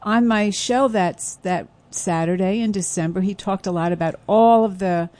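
A woman's voice: mid-range voice, moderate pace, mellow, no room sound. A woman hosting a local radio show, chatting casually as a guest and telling anecdotes with easy laughter. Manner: chatty storyteller, laughs easily. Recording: broadcast radio studio.

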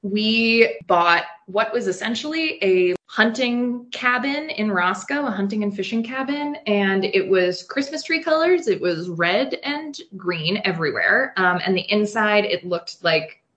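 A woman's voice: mid-range voice, expressive, a little slow, hardly any pauses, fairly bright tone, highs cut off. A woman from New York, a guest on an interview, telling a story in a chatty way full of fillers and little laughs. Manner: chatty, lots of fillers, laughs into her lines. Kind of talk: casual anecdote telling.

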